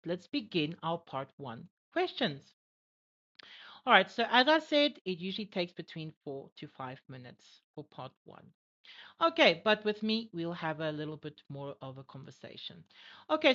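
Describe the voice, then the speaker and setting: A woman's voice: medium pitch, big pitch swings, measured pace, a bit bright. A woman acting as an IELTS examiner and tutor in an online English lesson, encouraging and full of "all right" and "okay". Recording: dull lo-fi audio.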